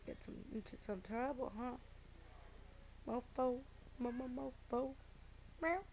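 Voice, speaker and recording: A woman's voice: sits high, slight background noise. A woman filming her cat at home, talking to it in playful, cooing baby talk. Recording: dull lo-fi home camera audio.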